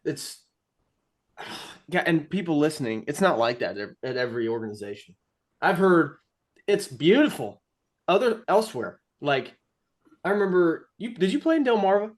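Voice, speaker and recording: Young man telling animated baseball stories. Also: a little high, moderate pace, pauses often. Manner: animated storytelling with acted-out quotes. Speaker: podcast co-host. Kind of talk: casual chat.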